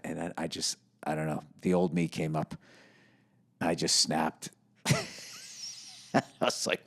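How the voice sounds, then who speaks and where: A man's voice: deep voice, creaky. A man in his fifties hosting a podcast, telling a story in a profane, sardonic, ranting monologue. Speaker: podcast host.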